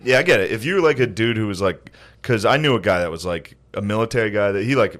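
A man's voice: fairly low pitch, expressive, quick pace, a bit bright. A man co-hosting a casual comedic chat, crude and joking, laughing often. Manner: crude joking, breaks into silly voices and laughter. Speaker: podcast co-host.

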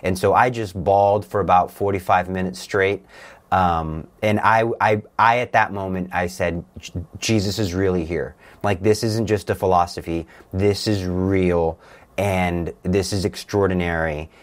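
A man's voice: deep voice, fairly even intonation, measured pace. A man appearing as a guest, giving an earnest and intense personal religious testimony.

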